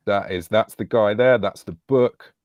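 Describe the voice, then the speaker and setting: A man, co-hosting a live podcast and telling a story with relaxed, dry asides. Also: fairly low pitch, a little slow, no echo. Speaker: podcast co-host.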